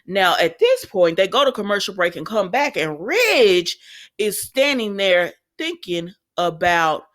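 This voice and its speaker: Sassy woman recapping her soap, mid pitch, talks back at the characters, super casual. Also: very animated, unhurried, a bit bright.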